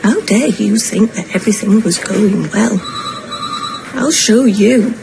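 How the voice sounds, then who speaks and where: An actress playing an anxious, self-pitying older mother and grandmother, who talks in plaintive, rushed runs of self-justification. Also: mid-range voice, creaky. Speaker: soap opera character. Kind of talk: television drama acting. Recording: noisy broadcast soundtrack.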